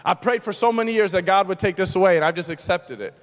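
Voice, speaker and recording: A man pastor preaching a sermon, moving between loud, emphatic lines and hushed, quiet ones. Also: high-pitched, fast talker, long reverb tail.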